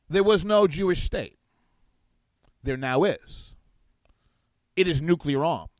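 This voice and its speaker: A guest host with a high voice gives political talk radio commentary through a studio microphone, animated and sarcastic as he reads from an article and riffs on it. The recording is dry and of poor audio quality.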